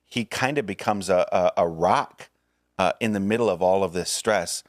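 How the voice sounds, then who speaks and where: Deep-ish guy on a podcast, earnest and reassuring, cracks jokes, dry close mic. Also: moderate pace, no room sound. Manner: earnest, reassuring, jokey asides. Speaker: podcast co-host. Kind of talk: casual chat.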